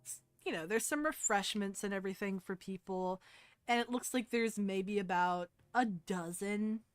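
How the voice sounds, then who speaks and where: A young woman running a tabletop game, narrating in a loose, rambling way full of fillers. Her voice sits at a middle pitch, recorded close and dry. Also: moderate pace, no room sound. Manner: casual, rambling, many fillers like "like". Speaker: game master.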